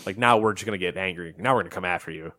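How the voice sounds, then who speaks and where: A man with a low voice co-hosts a relaxed podcast chat and tells a story with plenty of animation, slipping into the voices of the people he quotes. The sound is dry and close, with no room echo. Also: very fast. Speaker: podcast co-host. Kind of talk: casual chat.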